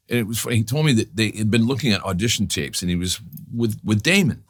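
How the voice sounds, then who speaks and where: A man from New York telling animated, profane stories as a guest in a casual interview, acting out the people he quotes. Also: on the low side, quick pace, hardly any pauses, breathy edge. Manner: animated, profane, restarts a lot, acts out quotes. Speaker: guest actor.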